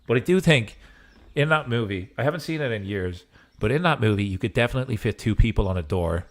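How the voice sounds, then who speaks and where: A man with a fairly low voice talks through a strategy game as a streamer. His commentary is casual and loose, drifting into goofy, joking asides between moves. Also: lively intonation, fast. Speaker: gaming streamer.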